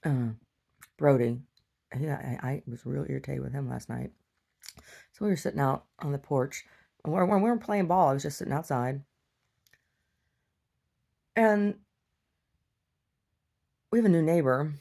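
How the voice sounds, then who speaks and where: A woman's voice: extremely low pitch, unhurried, vocal fry, pauses often, mellow. A woman talking casually in a rambling video diary, chatty and meandering, with frequent restarts. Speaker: video diarist.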